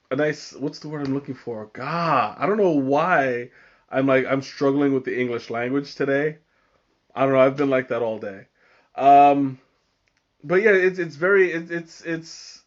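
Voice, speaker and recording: A man with a mid-range voice hosts a live tea tasting, talking casually but haltingly, often stopping mid-sentence to search for the right word, with many fillers and restarts. The audio sounds dull.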